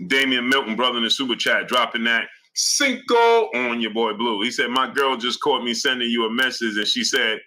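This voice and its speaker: A man's voice: medium pitch, animated, normal speed, hardly any pauses, pushed and bright, rough recording. A man on a boxing live stream, hyping viewers by name in streetwise slang. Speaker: boxing YouTuber reading super chats. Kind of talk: live-stream shout-outs.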